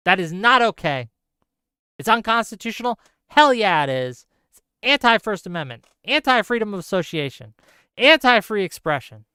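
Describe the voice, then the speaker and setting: A man's voice: sits high, big pitch swings, moderate pace, sharp tone, clear, resonant tone, no echo, clean studio sound. A man hosting a solo livestream, ranting heatedly about news and reading viewer chat aloud. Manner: reads chat comments aloud. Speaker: host.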